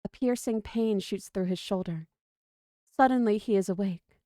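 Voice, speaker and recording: A woman reading a long story aloud on a livestream in a steady, even narrating voice, close to the mic. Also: mid-range voice, normal speed, dry recording.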